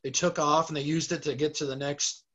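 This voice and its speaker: A man's voice: fairly high pitch, flat delivery, a little fast, fairly bright tone. A man co-hosting a casual wrestling podcast, recalling things loosely with stops and restarts. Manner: hesitant, loose, trailing recollections. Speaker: podcast co-host. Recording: lo-fi podcast audio.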